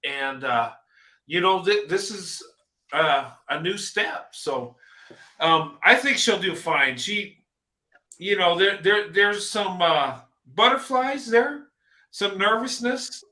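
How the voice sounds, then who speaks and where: A man hosts a casual livestream, talking in a halting, encouraging way with plenty of repeated words. His voice sits high and sounds bright, and the room around him rings with echo. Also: animated. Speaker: host.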